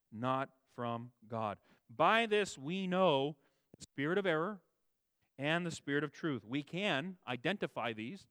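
A man delivers a sermon in a somewhat high voice, recorded dry and close with no room sound. He repeats and rephrases his points, leaning hard on stressed words before dropping low and soft. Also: dry recording. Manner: emphatic, swings between raised stresses and quiet low asides; repeats and restates phrases for emphasis. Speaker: pastor.

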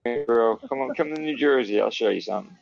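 A man's voice: mid-range voice, quick pace, vocal fry, no room sound, soft background music. A man co-hosting a podcast, teasing his friend with profane, casual banter and calling him bro. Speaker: podcast co-host. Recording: dull lo-fi recording.

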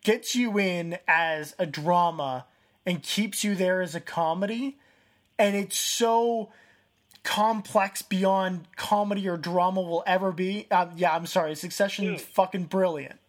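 A man's voice: high voice, a little slow. A man hosting a casual interview, asking probing questions in a conversational way. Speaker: host.

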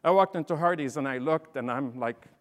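Animated man in a reverberant hall. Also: mid-range voice, brisk. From Lebanon. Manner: animated, humorous, acts out dialogue. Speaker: keynote speaker. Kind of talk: storytelling talk to an audience. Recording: long reverb in a large hall.

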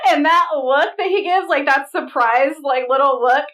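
A woman's voice: sits high, normal speed, a bit bright, far from the mic, rough recording. A young adult woman co-hosting a podcast in casual chat, giggly and explaining behind-the-scenes details. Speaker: podcast co-host.

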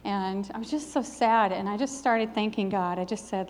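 A woman's voice: medium pitch, normal speed, noisy background. A middle-aged woman preaching a sermon with a personal testimony, in an earnest, emphatic preaching cadence. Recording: long hall reverb.

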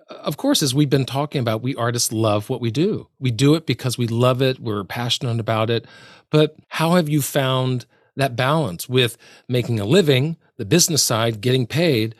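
A man's voice: mid-range voice, moderate pace, no room sound, clean studio sound. A man hosting a casual interview, speaking in an earnest, reflective way and drawing on his own stage experience. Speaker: host.

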